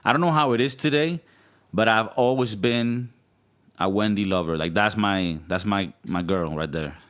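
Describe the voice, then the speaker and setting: A man's voice: lowish voice, moderate pace, fairly bright tone. A man from Venezuela, a podcast co-host, rambling and laughing in casual chat.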